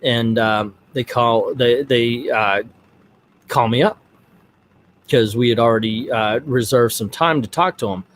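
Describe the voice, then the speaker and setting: A middle-aged man tells a personal story on his vlog. His telling rambles and turns animated, in a casual, unscripted way. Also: medium pitch, a little slow, slight background noise. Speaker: vlog host.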